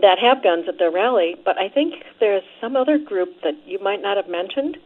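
A woman calling in to a radio show. She speaks hesitantly with many fillers and halting restarts. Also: medium pitch, expressive. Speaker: caller. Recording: phone line.

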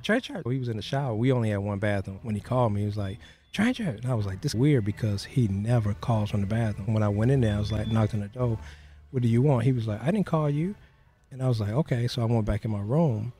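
A man with a low, mellow voice recounts his life as a podcast guest. He speaks earnestly and plainly, dropping into the voices of the people in his story. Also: fairly even intonation, fast. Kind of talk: storytelling interview.

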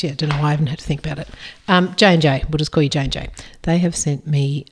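A woman's voice: low-pitched, fast, hardly any pauses. A woman, hosting a casual podcast and leading a chip taste test with teasing chatter. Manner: chatty, teasing, runs the tasting. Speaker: podcast co-host. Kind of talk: casual chat.

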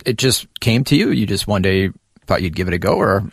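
A man's voice: fairly low pitch, animated, a little fast, gravelly, breathy edge, dry recording. A man hosting a radio interview in a studio, asking friendly leading questions.

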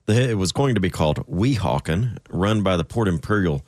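A relaxed male guest on a motorsport chat show, with a very deep voice. The sound is dry and close to the mic. He speaks easily and goes along with the host. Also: a little fast, no echo.

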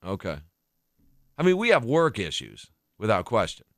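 A man's voice: fairly low pitch, huge pitch swings, moderate pace, dry recording. Laid-back male podcast host, dry sound. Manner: laid-back, rambling with restarts. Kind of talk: casual chat.

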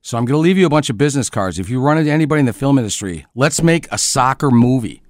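A man's voice: mid-range voice, animated, very fast, no echo. A middle-aged man, a former soccer player, telling jokey stories as a guest in a casual podcast chat. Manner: jokey storyteller with a dry, easygoing delivery.

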